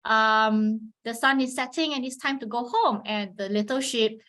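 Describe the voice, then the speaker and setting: A slightly high-pitched woman presents an instructional webinar on teaching Chinese, speaking at normal speed with a patient, teacherly style. She often checks in with "all right" and models Mandarin tones with sharp pitch swings.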